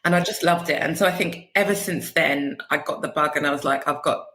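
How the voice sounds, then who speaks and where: A woman's voice: low voice, fairly quick, a bit bright. Chatty woman guest in an echoey room. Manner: chatty, many fillers, thoughtful. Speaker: debut novelist guest. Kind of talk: casual interview.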